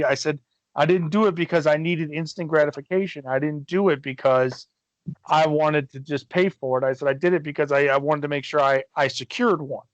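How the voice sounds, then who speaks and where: A man's voice: a little high, fairly even intonation, fairly quick, dry recording, lo-fi sound. A middle-aged man from Michigan, co-hosting a podcast and telling a long rambling story in casual chat, swearing freely and acting out what people said. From Michigan, USA. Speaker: podcast co-host.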